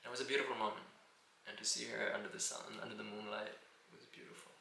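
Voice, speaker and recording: A man telling a personal story in an unhurried, reflective way, often circling back with "and again". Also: fairly low pitch, little pitch movement, vocal fry, bright, forceful tone. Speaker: video diarist. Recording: roomy echo, faint background hiss.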